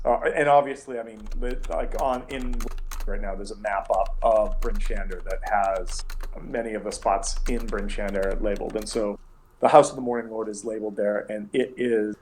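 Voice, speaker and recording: Rambling young game master. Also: male voice, fairly low pitch, steady tone, normal speed, darkish tone, a little hiss or hum. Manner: rambling, many fillers and restarts. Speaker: dungeon master. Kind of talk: narrating a tabletop game.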